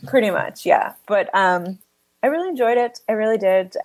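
A woman's voice: mid-range voice, expressive, moderate pace, no echo. A woman co-hosting a casual podcast chat, talking with lots of "like" fillers and giggly asides. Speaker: podcast co-host.

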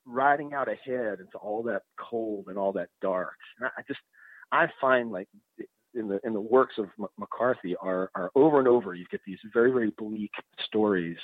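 Low-voiced man musing over books, halting restarts, tinny phone-like sound. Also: no echo. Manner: thoughtful, hesitant, many restarts. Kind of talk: casual conversation.

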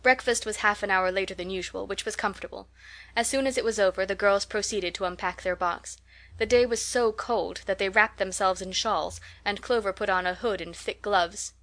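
A woman narrating an old children's book with a steady, gentle storytelling pace. Her voice sits in a middle register, neither high nor low, and she reads with calm clarity. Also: normal speed. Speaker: audiobook reader. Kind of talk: scripted narration.

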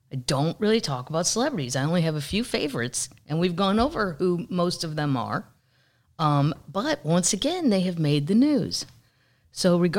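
A vlog host in casual chat, talking in a rambling, sarcastic way with plenty of dry asides. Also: mid-range voice. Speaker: vlogger host.

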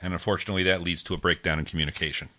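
A man's voice: sits low, fairly even intonation, racing, bright, forceful tone. A man co-hosting a podcast, talking in a chatty, enthusiastic way. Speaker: podcast co-host. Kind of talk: casual podcast chat.

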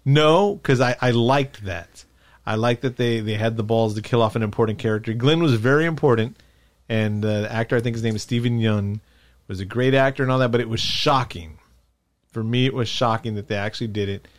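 A man hosting a podcast, chatting in an animated, rambling way. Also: mid-range voice, fairly quick. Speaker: podcast host. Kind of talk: casual chat.

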